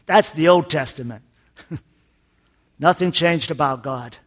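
A man preaching a folksy sermon, his voice sitting a little higher than most men's. He drops to a near-confiding hush, then swells into loud emphasis, and breaks up the teaching with jokes. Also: measured pace. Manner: folksy, tells jokes, swings from soft to loud. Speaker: pastor.

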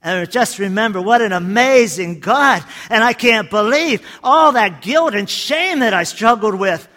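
High-voiced man preaching a lively sermon. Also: measured pace. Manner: lively storytelling preacher with jokes and emphatic repetition. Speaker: pastor.

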